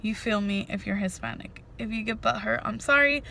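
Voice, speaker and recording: A woman's voice: mid-range voice, a little fast, gravelly, a little hiss or hum. A woman vlogger telling a story to her viewers in a casual, emphatic way, often saying "freaking" and speaking to them directly. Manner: animated, emphatic, says "freaking" a lot.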